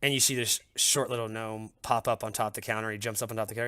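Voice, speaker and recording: A man's voice: medium pitch, level tone, very fast, hardly any pauses, bright, forceful tone, dry recording. A man running a tabletop game as game master, narrating loosely with casual fillers.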